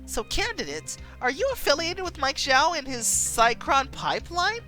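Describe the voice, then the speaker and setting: A woman doing a sharp, high news anchor. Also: big pitch swings, moderate pace, soft background music, heavily acted. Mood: probing. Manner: crisp, pointed questioning.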